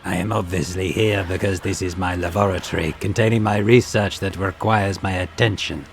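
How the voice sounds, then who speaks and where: A man doing a haughty, scornful alien scientist who makes clones of himself, drawling his lines in a low voice. He speaks slowly and looks down on everyone. The voice comes from a gaming video with a faint hiss behind it. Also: steady tone, vocal fry. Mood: disdainful. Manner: haughty, condescending, slow and measured. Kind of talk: reading video game dialogue aloud.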